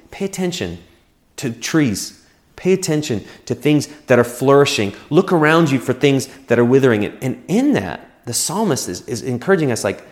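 A man preaching a sermon as pastor, earnest and encouraging, repeating words as he speaks. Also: medium pitch. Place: church.

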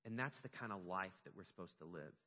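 A middle-aged pastor delivers a sermon in a lowish voice, storytelling with swells of feeling. His words ring out with a long hall reverb, and the recording sounds somewhat dull and lo-fi. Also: fast. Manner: storytelling, animated and emotional at peaks.

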